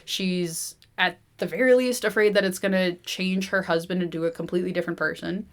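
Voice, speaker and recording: A woman hosting a book podcast, reading a novel aloud and chatting, animated with many "like"s. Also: lowish voice, fairly quick. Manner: animated retelling, heavy use of "like". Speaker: podcast host.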